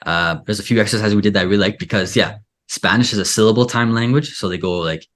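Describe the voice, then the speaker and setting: Casual male host type, lowish, easygoing, chatty. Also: quick pace. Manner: relaxed, rambling, many "like" and "yeah" fillers. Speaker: language teacher, show host. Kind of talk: casual conversation.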